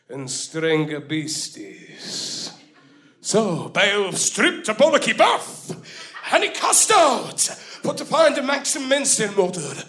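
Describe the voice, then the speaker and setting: A man performing a boisterous story beast who retells an epic live in broken English, swearing and shouting sound effects. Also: very high voice, exaggerated voice. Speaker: comedy performer.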